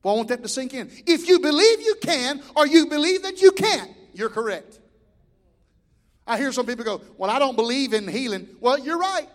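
A middle-aged man preaching a sermon as pastor, swinging between shouted exhortation and quiet, chatty storytelling. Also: very high-pitched, sing-song, moderate pace. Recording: long hall reverb.

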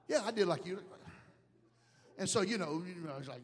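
Pastor, man, high lively voice, humorous preaching that swells to shouts, in a reverberant hall. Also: fairly quick, pauses often. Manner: animated, humorous, shouting at peaks. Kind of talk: sermon.

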